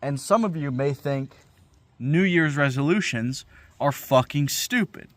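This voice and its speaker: A young man with a slightly high voice vlogs in a casual comedic rant. He swears often and sounds incredulous and animated. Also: a little slow, no echo. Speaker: vlogger.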